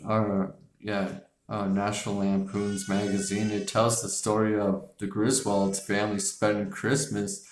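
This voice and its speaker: A man's voice: on the low side, a little mellow, a little hiss or hum. Rambling man in an echoey room. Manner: rambling, frequent fillers and restarts, casual swearing. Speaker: host. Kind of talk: casual movie chat.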